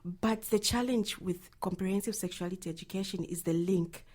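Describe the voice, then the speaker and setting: A woman's voice: mid-range voice, normal speed, a little mellow. A woman, an advocate answering interview questions earnestly, often trailing into a near whisper at the ends of phrases. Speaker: reproductive health advocate.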